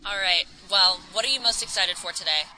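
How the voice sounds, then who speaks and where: A woman interviewer asking a band quick, friendly questions at a festival. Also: mid-range voice, pushed and bright, a little hiss or hum, rough recording. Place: outdoor music festival.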